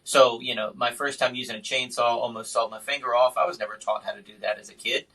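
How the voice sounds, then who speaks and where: A man hosts a casual podcast chat and spins animated stories. His voice is bright and pushes forward. He sits a little away from the microphone, so the sound is slightly distant. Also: mid-range voice, quick pace. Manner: animated storyteller. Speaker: podcast host and magician.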